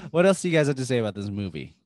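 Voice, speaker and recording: A young man co-hosting a casual movie chat, animated and joking, steering the talk. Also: mid-range voice, fairly quick, noisy background. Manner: animated, laughs, does goofy voices. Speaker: podcast co-host.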